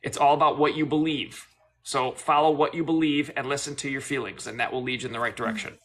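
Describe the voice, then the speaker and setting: A man's voice: mid-range voice, fairly even intonation, fast talker, fairly bright tone. A man hosting a casual livestream chat, enthusiastic and rambling, often restarting his sentences. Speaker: host.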